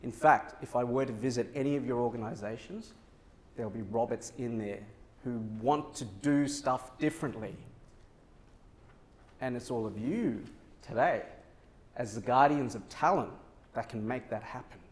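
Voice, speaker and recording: A man giving a motivational keynote on a conference stage, telling a story in a lively way and acting out the dialogue. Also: medium pitch, normal speed. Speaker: keynote speaker.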